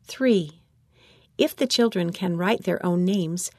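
A woman reading a children's church lesson manual aloud in a measured, instructional way. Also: on the low side, dark tone, dry recording, studio quality.

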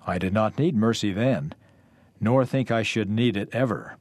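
A man's voice: lowish voice, moderate pace, a little mellow, dry recording, lightly acted. A man voicing a pleading male debtor facing prison, read out plainly and earnestly. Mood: regretful.

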